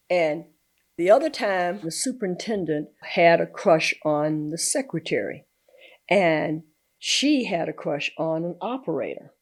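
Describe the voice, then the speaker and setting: An older woman from the American South, a community activist telling workplace stories in an interview, laughing often as she goes. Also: mid-range voice. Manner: animated storyteller, laughs often. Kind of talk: storytelling interview.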